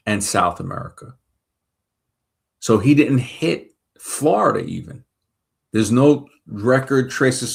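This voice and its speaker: Gravelly and medium-pitched, this Brooklyn-born host talks casually on his show in a rambling monologue. He thinks out loud and pauses to check facts in the middle of sentences.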